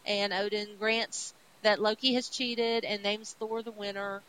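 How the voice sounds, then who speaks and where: A woman co-hosting a podcast, casually retelling comic book plots in a chatty, animated way. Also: mid-range voice, measured pace, slight background noise, poor audio. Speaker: podcast co-host.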